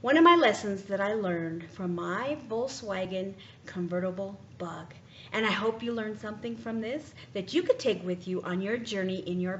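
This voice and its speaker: Woman, transition coach, animated storyteller who acts out dialogue; roomy, muffled recording with faint hiss. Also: medium pitch. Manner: animated, acts out her own and others' lines, drops to near whisper at tense moments. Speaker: transition strategist. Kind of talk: motivational storytelling talk. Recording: echoey room, dull lo-fi audio with faint noise.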